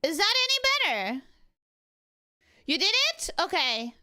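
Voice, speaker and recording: An excitable woman streamer chatting through a game, animated and quick to swear. Her voice is high and bright, with wide pitch swings and an unhurried pace. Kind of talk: casual game livestream commentary.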